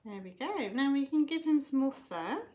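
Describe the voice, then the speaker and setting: A woman's voice: sits high, lively intonation, moderate pace, muffled recording. A woman giving a live drawing lesson for children from home, explaining each step patiently. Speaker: drawing teacher.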